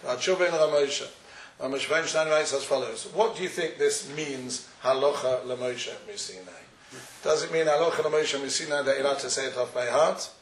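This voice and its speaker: A man's voice: medium pitch, a little fast, a little hiss or hum. A man giving a Talmudic lecture, posing questions and answering them in a study-hall cadence. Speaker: Torah teacher. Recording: echoey room, far from the mic.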